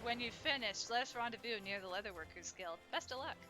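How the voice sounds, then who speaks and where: A grandiose festival organizer speaking in formal, old-fashioned flourishes, read out by a woman in a fairly high voice. Game music plays clearly underneath. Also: lively intonation, fast talker, natural voice, low-quality recording. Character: grandiloquent festival organizer plotting against a circus.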